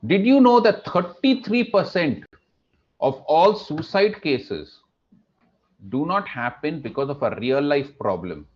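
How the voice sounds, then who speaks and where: A man's voice: on the high side, a little slow. A man with an Indian English accent giving a storytelling lecture at a student induction program, acting out the voices in his anecdotes. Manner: animated storyteller, acts out quoted voices. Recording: dull lo-fi recording.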